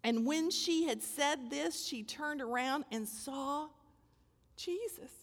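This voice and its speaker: An older woman preaching a sermon, telling the story dramatically and with emphasis, swelling loud and dropping to a hush. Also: high voice, takes it slowly. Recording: long hall reverb.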